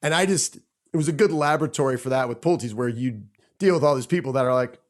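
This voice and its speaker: A man in his forties hosting a podcast, chatting and reflecting in a relaxed, talkative way. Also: medium pitch. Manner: chatty, reflective, quick asides. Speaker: podcast host. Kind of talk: casual conversation.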